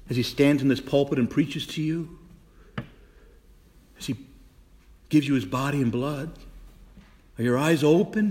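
A middle-aged man, a priest, preaching a sermon with emphatic repetition and direct questions to the congregation. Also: on the high side. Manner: animated preaching, repeats phrases for emphasis.

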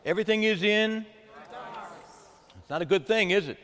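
A man preaching a sermon to a congregation, animated, drawing them into call-and-response. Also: high voice, moderate pace. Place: church. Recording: long hall reverb.

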